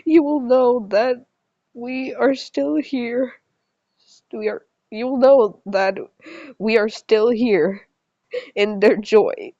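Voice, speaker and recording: A woman voicing a gentle, serene dying male clan leader in a calm, measured read. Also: on the high side, no echo. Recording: slightly dull lo-fi recording.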